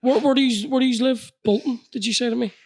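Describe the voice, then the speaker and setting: A Northern Irish man, a comedian guest, telling quick anecdotes in casual chat. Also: very high voice, steady tone, a little mellow. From Northern Ireland. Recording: crowd noise behind.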